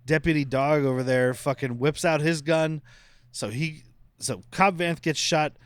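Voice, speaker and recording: A man's voice: fairly high pitch, fairly even intonation, unhurried, clean tone, no room sound. A man co-hosting a casual podcast, recapping scenes loosely and laughing often. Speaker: podcast co-host.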